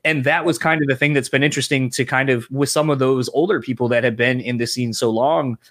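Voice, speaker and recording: A man's voice: medium pitch, steady tone, fast talker, a bit bright. A man, hosting a casual chat, rambling and reflective with lots of "you know" and "like.". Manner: rambling, reflective, many fillers.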